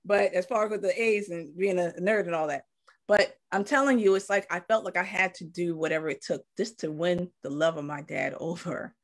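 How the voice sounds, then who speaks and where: A woman's voice: on the low side, brisk. A woman co-hosting a live talk stream, telling a heartfelt personal story and acting out quoted voices. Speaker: co-host.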